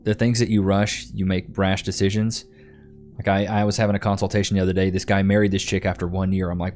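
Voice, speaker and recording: Laid-back man with a low voice. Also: little pitch movement, fast, darkish tone, soft background music. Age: 30s. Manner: laid-back, slangy, calls viewers bro and dude. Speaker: livestream host. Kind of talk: casual livestream chat answering comments.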